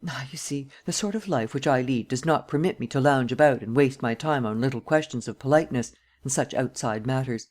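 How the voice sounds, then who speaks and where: A woman reading an audiobook and voicing a male master criminal who speaks calmly, deliberately and with total self-assurance. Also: extremely low pitch. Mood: scheming.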